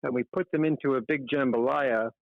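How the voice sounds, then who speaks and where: A man's voice: medium pitch, steady tone, fairly quick, creaky, no echo. A middle-aged man, a magazine editor, chatting casually as a guest in a podcast interview, rambling and self-deprecating. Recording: tinny phone-like line, dry.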